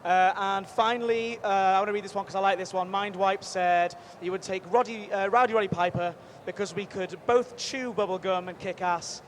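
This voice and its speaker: A man hosting a live stream from a busy convention booth, chatty and energetic, rambling with quick restarts. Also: high-pitched. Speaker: livestream host at a game convention booth. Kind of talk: upbeat live event hosting. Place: busy convention show floor. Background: faint crowd noise.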